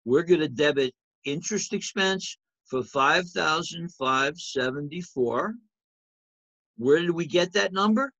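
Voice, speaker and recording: A male instructor walks through a lecture in a loose, conversational way, tossing rhetorical questions at the class. His voice sits a little high for a man. The recording is dry and slightly muffled. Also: lively intonation, measured pace, fairly bright tone, dry recording. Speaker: accounting instructor. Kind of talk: lecture over slides.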